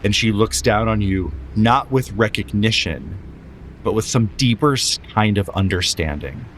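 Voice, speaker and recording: A man narrating a tabletop game as game master, describing scenes slowly and dramatically with pauses, then explaining rules. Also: lowish voice, a bit bright, a little hiss or hum.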